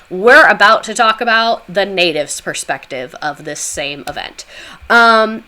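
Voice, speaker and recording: A woman's voice: fairly high pitch, lively intonation, unhurried, sharp tone. A woman livestreaming a casual history talk, chatting with viewers in a sarcastic, chatty way with swearing asides.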